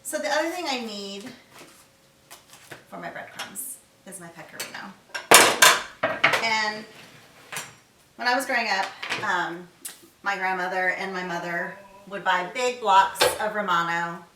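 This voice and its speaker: A middle-aged woman chef talks her way through a home cooking demo, chatty and relaxed. She sounds a little far from the mic in an echoey kitchen. Pots, pans and cutlery clink behind her. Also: medium pitch, a little slow, pauses often, background noise. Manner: chatty, talks to herself while working. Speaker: chef hosting a cooking video. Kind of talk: casual cooking demonstration.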